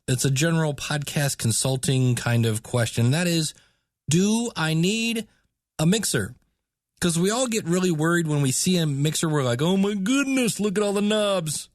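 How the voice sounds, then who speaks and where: A man's voice: fairly high pitch, no echo, studio quality. A man hosting a podcast, explaining setup tips in a chatty, casual way. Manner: chatty, explanatory, with filler words. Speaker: podcast host.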